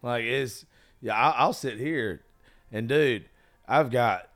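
A man's voice: medium pitch, slow pace, a bit bright, faint music behind. A man in casual chat who talks bluntly and swears a lot, and says he is losing his voice. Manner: blunt, swears freely, emphatic.

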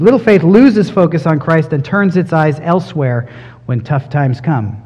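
A man's voice: a little high, a little mellow, big-room sound. A man preaching an expository sermon, earnest and emphatic, building in intensity.

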